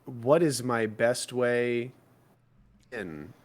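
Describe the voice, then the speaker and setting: A man's voice: mid-range voice, drawn-out words. A man playing a tabletop role-playing game, chatting casually with dry, sarcastic banter.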